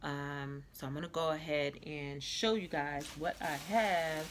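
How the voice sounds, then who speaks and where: A woman's voice: deep voice, fairly even intonation, unhurried, noisy background. Stuffy-nosed woman chatting through a haul. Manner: chatty, repetitive, many fillers. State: stuffy nose. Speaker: fashion vlogger. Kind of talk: casual haul vlog.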